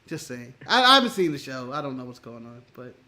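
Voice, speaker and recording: An American man co-hosting a casual wrestling chat show, animated and laughing often, swearing and acting out other people's lines. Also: medium pitch, quick pace. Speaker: podcast co-host.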